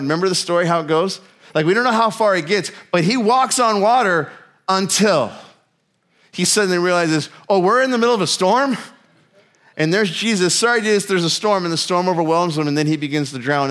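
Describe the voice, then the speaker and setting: A pastor preaching a sermon in a casual, storytelling way, with self-mocking humor and lots of filler words. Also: male voice, fairly high pitch, a bit bright.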